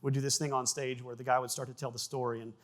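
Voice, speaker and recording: Male pastor, mid-range voice, relaxed conversational preaching. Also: mid-range voice, fast talker. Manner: conversational preaching with restarts, bursts of loud acted sound effects. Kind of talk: sermon.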